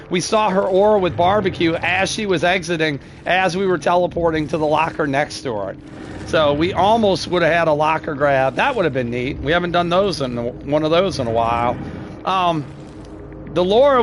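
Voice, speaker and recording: An older man streaming a video game live, talking through his plays and answering chat in a gruff, curmudgeonly-sounding voice, often halting and restarting his phrases with a chuckle. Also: a little high, fairly bright tone, slight background noise. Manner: gruff, curmudgeonly-sounding, says he is not angry.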